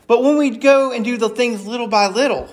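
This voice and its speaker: A man with a notably high voice delivers an earnest sermon. He keeps it conversational and slips into sample prayers as if talking straight to God. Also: a little fast. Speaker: preacher.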